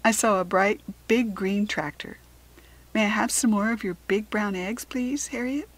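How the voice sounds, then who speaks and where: A woman's voice: medium pitch, moderate pace, close to an everyday voice. A woman voicing a courteous, well-spoken woman author in a storybook. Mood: polite.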